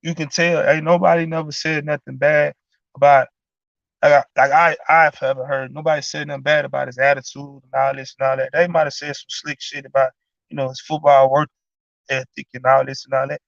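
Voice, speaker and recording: A man's voice: on the high side, level tone, a little fast, gravelly, dry recording. A man ranting casually about sports news, heated and profane, constantly asking "you know what I'm saying.". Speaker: sports commentary vlogger. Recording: dull, lo-fi, dry sound.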